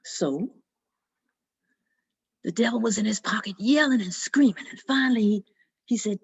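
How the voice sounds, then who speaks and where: Gravelly, expressive woman storyteller. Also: a little high, normal speed, long pauses. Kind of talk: folk tale storytelling. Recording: dull lo-fi recording.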